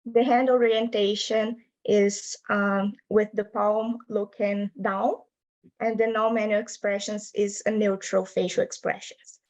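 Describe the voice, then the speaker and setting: A woman's voice: mid-range voice, little pitch movement, measured pace, a little mellow, low-quality recording. Young woman walking through her research on a video call, patient and explaining step by step, non-native english, medium voice. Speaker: linguistics researcher presenting a study. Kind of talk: academic presentation.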